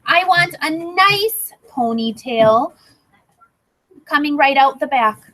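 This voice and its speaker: A woman reading aloud and voicing a stubborn, defiant little girl in a storybook, speaking high, slow and insistent. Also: expressive, fairly bright tone, full character voice, low-quality recording. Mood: pleading.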